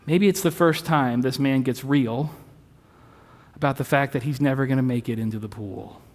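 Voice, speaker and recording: A man's voice: mid-range voice, normal speed. A man preaching a sermon as pastor, in a conversational way with rhetorical questions, recorded in a church sanctuary. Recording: long reverb of a sanctuary.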